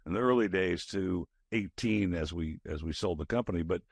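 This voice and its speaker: An older man hosting a podcast from a studio, rambling chattily with fillers and trailing into lower murmurs. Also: moderate pace, creaky, husky, no echo. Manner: rambling with fillers, drops to a low mutter. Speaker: podcast host. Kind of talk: casual interview chat.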